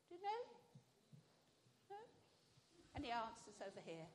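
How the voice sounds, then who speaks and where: A woman's voice: a little high, sing-song, moderate pace, long pauses, a little hiss or hum. A woman giving a sermon at an all-age church service, talking directly with the congregation and asking the children questions.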